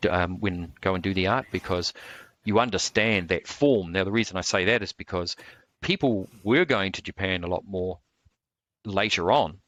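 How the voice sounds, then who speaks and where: A man's voice: deep voice, normal speed, fairly bright tone, no room sound. A man being interviewed as a martial artist, telling long rambling stories with many restarts. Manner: rambling, full of restarts and fillers. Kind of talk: casual storytelling interview.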